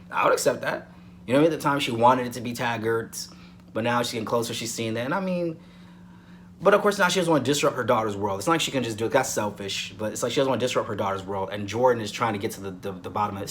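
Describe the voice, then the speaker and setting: Male vlogger at a mid pitch, reviewing soaps casually; rambles, hedges with "um", and hammers points home by repeating them. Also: a bit bright, slight background noise. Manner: rambling, emphatic repetition, frequent "um". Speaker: soap opera reviewer. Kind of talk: casual weekly review commentary.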